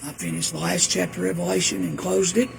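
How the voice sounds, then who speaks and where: A man's voice: sits high, fast, gravelly, noisy background. A man, a preacher rambling through folksy memories in a casual monologue. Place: indoors at home.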